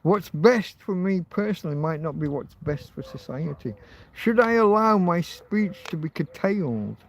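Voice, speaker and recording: A man's voice: high voice, expressive, moderate pace. A man hosting an informal livestream, ranting heatedly and swearing, with phrases repeated for emphasis. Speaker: livestream host.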